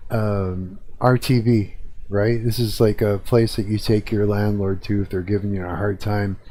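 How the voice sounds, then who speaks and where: Dude rambling and swearing on his stream, lowish mellow voice, desk mic. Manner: profane, rambling, chatty with viewers. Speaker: live streamer. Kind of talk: casual live-stream rant. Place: hot apartment room with a fan. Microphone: desk mic at computer.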